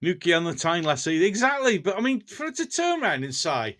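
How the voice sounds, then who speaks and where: A man's voice: high voice, big pitch swings, normal speed, fairly bright tone. A man with a Birmingham accent hosting a casual live stream, chatting bluntly with viewers, often laughing between remarks and going off on rants. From England.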